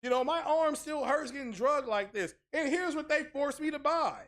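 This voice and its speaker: A man's voice: very high-pitched, expressive, normal speed, a bit bright. A man hosting a tech channel, ranting casually with sarcastic, mock-outraged exaggeration and crude, blunt language. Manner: crude, blunt street talk. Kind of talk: casual streamed rant.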